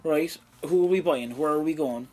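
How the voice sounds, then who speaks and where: A young Irish man commentating his own video game play, excitable and swearing freely, shouting at big moments. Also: on the high side, moderate pace. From Ireland. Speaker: gaming YouTuber.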